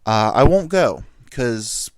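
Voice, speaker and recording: Casting note: lively-voiced man in his thirties, rambling crude storyteller, close dry sound. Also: mid-range voice, slow, no room sound. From New York. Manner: rambling, animated, crude humor, jumps into silly voices. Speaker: vlogger. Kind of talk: casual storytelling monologue.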